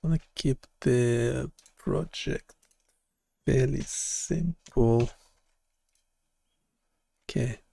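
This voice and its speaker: A man on a casual live stream who talks slowly, with a gravelly, fried edge to his voice. He thinks aloud in halting bits full of fillers. The sound is dry and close, with no room echo. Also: mid-range voice, dark tone. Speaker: web developer streaming live.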